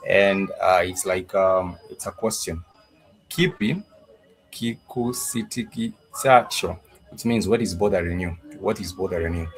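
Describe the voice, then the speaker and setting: A man with a fairly low voice teaches a live online language class. He thinks aloud as he goes and repeats phrases over and over, filling his pauses with ums and uhs and restarting his sentences. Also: fairly even intonation, soft background music. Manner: repetitive, thinking aloud, many fillers and restarts. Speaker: Swahili teacher.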